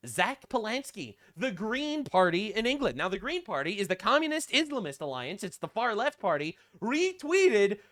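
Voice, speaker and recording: A man riffing through sarcastic political commentary, fast and mocking, with a high voice that jumps around a lot. His talk is profane and scornful, and now and then he slips into put-on voices to mimic the people he quotes. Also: a bit bright.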